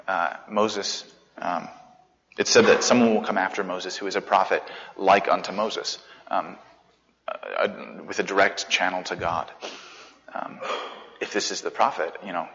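Male Bible study teacher, low-pitched, casual and repetitive, recorded in a reverberant hall. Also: fairly bright tone. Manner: conversational, repeats phrases for emphasis, many fillers. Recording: reverberant hall, dull lo-fi sound.

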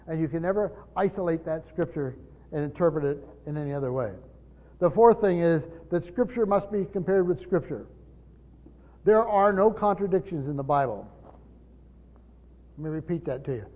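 Male pastor, high voice, emphatic teaching sermon with rhetorical questions; muffled church recording with long reverb. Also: animated, normal speed. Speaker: pastor teaching Bible study.

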